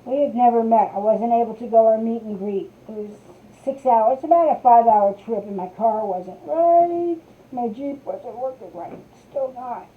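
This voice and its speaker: A woman talks her way through a live craft session at home, chatting loosely and calling out to viewers as their comments come in. Her voice sits a little high. The sound is thin and tinny, like a phone line. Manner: rambling, chatty, reads viewer comments aloud. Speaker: crafter hosting a live stream. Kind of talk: casual live-stream chat.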